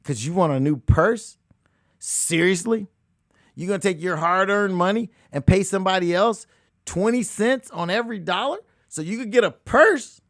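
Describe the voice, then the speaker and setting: A man hosting a money talk show as a real estate coach, talking emphatically, repeating phrases and swinging between loud outbursts and hushed asides. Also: sits high, lively intonation, normal speed, dry recording, clean studio sound. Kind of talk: animated motivational talk.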